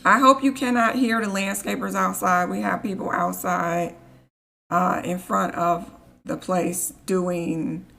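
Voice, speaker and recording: A woman chatting casually while live-streaming a game, rambling and easily annoyed, with a rough morning voice. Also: mid-range voice, fairly even intonation, takes it slowly, pushed and bright. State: morning voice, just woke up.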